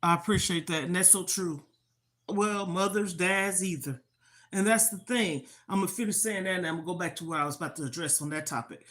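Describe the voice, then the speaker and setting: A woman's voice: lowish voice, fairly quick, a bit bright. Frank older woman talking to viewers. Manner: frank, preachy, repeats "okay?" often. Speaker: livestream host. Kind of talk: casual livestream talk to viewers.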